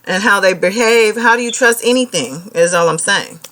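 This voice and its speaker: A woman's voice: medium pitch, a bit bright, slight background noise, rough recording. A woman hosting a live stream, reading viewer comments aloud and chatting casually. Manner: chatty, quick to apologize, reads comments aloud. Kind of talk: casual chat.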